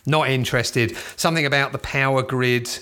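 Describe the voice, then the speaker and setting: A man's voice: medium pitch, steady tone, a little fast, background noise. A middle-aged man from England with a southeast London accent, giving casual, profane commentary as he flips through newspapers and rants at the stories. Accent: southeast London English. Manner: profane, ranting, dismissive.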